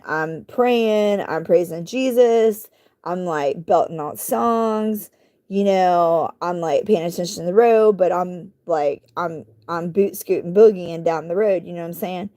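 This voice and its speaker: Rambling, throat-clearing woman telling a story. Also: lowish voice, unhurried. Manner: rambling, animated retelling with many fillers and asides. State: frequently clearing her throat. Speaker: vlogger. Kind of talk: casual storytelling.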